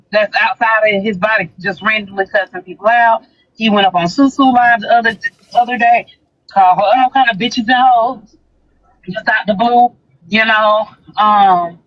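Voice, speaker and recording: A woman's voice: medium pitch, muffled recording. A woman on a livestream, retelling a dispute in casual chat and acting out the quotes. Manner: animated retelling, acts out quotes. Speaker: guest recounting a dispute.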